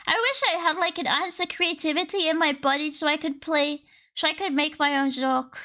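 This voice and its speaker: Rambling Australian woman streamer, very high voice. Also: brisk, pushed and bright. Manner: rambling, self-deprecating, laughs often. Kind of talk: casual live-stream chat while coding. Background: faint lofi music.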